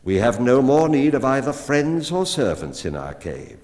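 A man's voice: medium pitch, sing-song, normal speed, darkish tone, voice pushed up, close to an everyday voice. A man voicing a proud, commanding woman in a storybook, speaking in a raised, emphatic, declaiming voice. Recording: long hall reverb.

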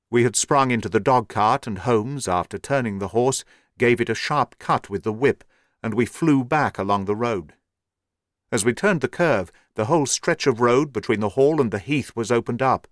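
Steady male audiobook narrator in a dry, close recording. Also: mid-range voice, normal speed, no room sound.

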